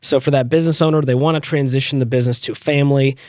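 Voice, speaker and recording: A man's voice: medium pitch, steady tone, very fast, darkish tone, no echo, clean studio sound. A man hosting an interview, affirming the guest and steering with short questions. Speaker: interview host.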